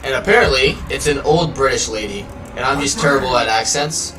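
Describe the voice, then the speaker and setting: A man's voice: mid-range voice, brisk, roomy sound, far from the mic. A man live-streaming a game, chatting casually and rambling, swearing freely as he plays. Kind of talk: casual live gameplay chat. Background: game music.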